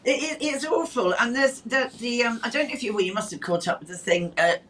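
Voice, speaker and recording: A woman's voice: a little high, brisk, a bit bright, a little hiss or hum. A woman, a guest on a talk show, speaking in a blunt, outraged way with stumbling restarts. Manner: outraged and blunt, with many stumbling restarts and laughs between points. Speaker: studio guest. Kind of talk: opinionated talk show chat.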